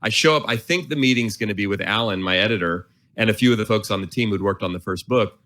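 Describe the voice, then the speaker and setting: A man in his forties, an author and guest, telling an animated, self-mocking story and acting out his inner voice. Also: fairly low pitch, fast. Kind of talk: storytelling in a conversation.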